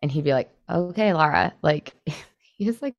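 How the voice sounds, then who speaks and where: Woman, low voice, podcast co-host, casual, chatty, filler-heavy. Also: animated, moderate pace, warm tone, muffled recording. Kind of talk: casual chat.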